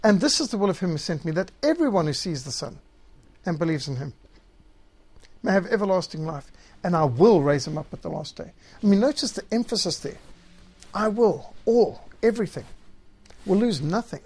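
A man's voice: high-pitched, lively intonation, moderate pace, a little mellow, slightly rough. A man teaching systematic theology, reading scripture passages aloud and stressing key words. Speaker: Bible teacher.

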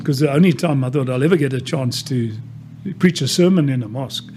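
A man's voice: mid-range voice, brisk, a little mellow, a little hiss or hum. A man preaching a sermon who tells stories and asks rhetorical questions. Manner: storytelling, rhetorical questions, many quoted exchanges.

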